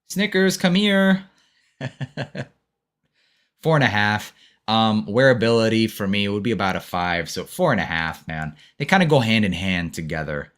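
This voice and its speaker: A laid-back man chatting through a live-stream review, calling his viewers bro and brother. His voice sits a little low and easygoing. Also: fairly bright tone.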